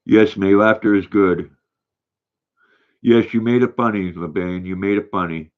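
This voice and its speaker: An older man hosts a casual livestream, rambling from one thought to the next. His voice sits low and a little dull, as if through a lo-fi mic. He halts and restarts often while reading comments aloud. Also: fairly even intonation. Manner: rambling, halting, reads viewer comments aloud. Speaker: livestream host reading chat.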